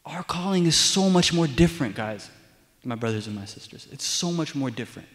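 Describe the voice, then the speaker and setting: A man's voice: fairly high pitch, expressive, brisk, big-room sound. A man preaching a sermon as a deacon, telling stories conversationally and repeating his key lines. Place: church sanctuary.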